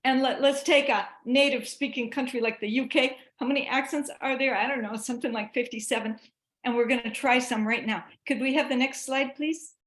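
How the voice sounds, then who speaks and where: A woman giving a chatty online talk to teachers, animated and given to restarts. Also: high-pitched, fairly quick, echoey room. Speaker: presenter.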